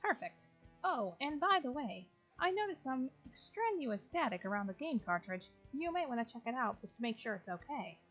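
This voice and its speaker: An earnest, brainy young male investigator of the paranormal, as a woman reads him out. The voice sits high and swings up and down with lively intonation. The recording is dull and lo-fi, with faint game music behind. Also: normal speed, heavily acted.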